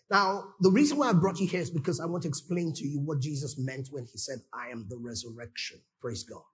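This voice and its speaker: A male pastor preaching a sermon emphatically, often exclaiming praise and checking that listeners follow. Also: on the high side.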